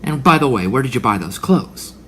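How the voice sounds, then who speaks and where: A man's voice: medium pitch, lively intonation, brisk, a bit bright, a little hiss or hum, lightly acted. A man putting on the voice of a snobby teenage valley girl who sneers at other people's clothes. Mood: snooty. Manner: catty, mocking tone.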